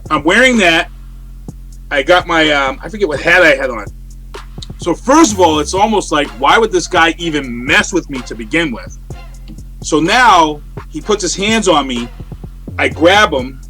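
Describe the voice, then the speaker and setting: A man, a guest on an interview show, telling a story in a casual, animated way over a remote call. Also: on the high side, normal speed, faint music behind. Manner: animated, acts out quoted voices. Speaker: interview guest, radio personality. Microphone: remote call from home.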